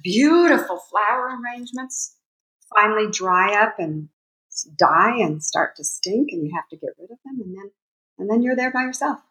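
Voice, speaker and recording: A woman speaks in an easy, calm conversational tone. She often chimes in to complete the thoughts of the people around her. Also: mid-range voice, normal speed, poor audio. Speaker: co-author guest. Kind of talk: casual conversation.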